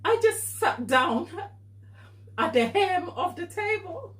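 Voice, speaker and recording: A woman cake baker telling a story during a live tutorial, animated and expressive and laughing as she talks. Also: very high voice, slow pace, pauses often. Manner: animated, expressive, often laughing mid-sentence. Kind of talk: casual anecdotal storytelling. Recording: echoey room, voice distant from mic.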